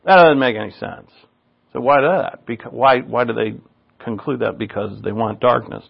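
A man's voice: medium pitch, gravelly. An older man, a pastor, preaching a loose, conversational sermon full of asides and restarts. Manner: casual, rambling, with asides and restarts. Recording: dull lo-fi recording.

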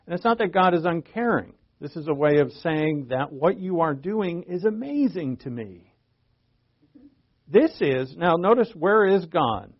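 A man's voice: on the high side, big pitch swings, a little slow. Man in his fifties preaching. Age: 50s. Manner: conversational, rhetorical questions, frequent restarts. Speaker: pastor. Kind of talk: sermon, Bible teaching. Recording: dull lo-fi recording.

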